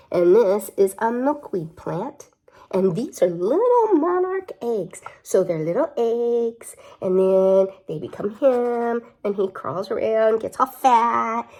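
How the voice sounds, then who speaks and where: A woman's voice: medium pitch, a little mellow. A young woman reading a picture book aloud to children, chatty, with playful asides and questions. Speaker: storybook reader.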